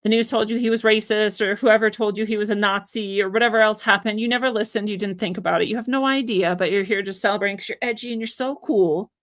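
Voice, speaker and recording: A woman's voice: medium pitch, steady tone, quick pace, hardly any pauses. A woman giving an opinionated solo commentary, indignant and sarcastic, hammering her points with emphasis. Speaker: political commentator.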